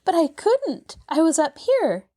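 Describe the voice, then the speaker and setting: A woman voicing a cheerful, eager little girl who talks in a bright, earnest way. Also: very high voice, huge pitch swings, a little slow, pitched above the performer's own voice, heavily acted.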